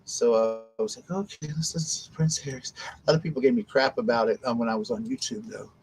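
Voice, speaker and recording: A man's voice: medium pitch, brisk, a little hiss or hum, rough recording. A man chatting casually on a home live stream, rambling and often interrupting himself.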